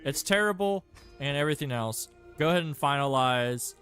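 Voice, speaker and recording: Male gameplay streamer, animated swoopy delivery, rambling and self-deprecating, soft music bed. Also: fairly high pitch, normal speed. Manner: rambling, self-mocking, thinks aloud with many fillers. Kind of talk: casual gameplay commentary.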